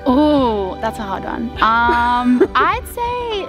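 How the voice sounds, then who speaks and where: A woman's voice: a little high, big pitch swings, very slow, over loud music, low-quality recording. A woman newly arrived on a farm, chatting in a giggly, playful way. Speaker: new farm resident. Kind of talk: casual chat.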